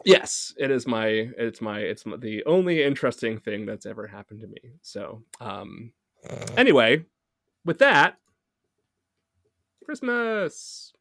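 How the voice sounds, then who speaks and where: A man's voice: mid-range voice, big pitch swings, takes it slowly, pauses often, a bit bright, dry recording. A man hosting a podcast tells a long, meandering story about himself. He laughs at his own expense and swears casually. The sound is dry and close-miked, with no room in it. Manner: rambling, self-deprecating, swears casually. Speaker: podcast host.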